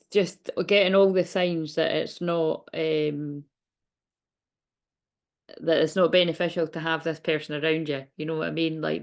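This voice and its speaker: Gravelly-voiced woman rambling through a tarot reading. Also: deep voice, darkish tone. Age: 30s. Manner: rambling, chatty, many restarts. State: hiccuping, out of breath. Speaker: tarot reader. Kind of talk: casual tarot reading vlog.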